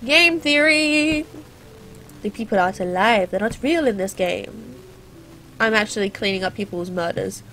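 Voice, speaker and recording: Chatting her way through a gameplay video, a teenage girl with a gaming channel rambles off on sarcastic little tangents. Her mid-range voice moves at a moderate pace, with soft music behind her.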